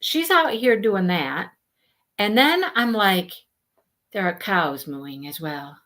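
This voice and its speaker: A woman hosting a casual live stream, chatting with viewers and telling stories in an animated way. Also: medium pitch, slow pace. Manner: chatty, animated storytelling, greets viewers by name. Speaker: livestream host.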